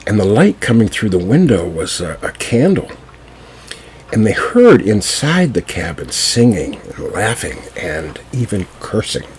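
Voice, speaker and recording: A man telling a folk tale to listeners, unhurried, with small fillers and restarts. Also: fairly low pitch, big pitch swings, a little mellow, a little hiss or hum. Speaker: storyteller.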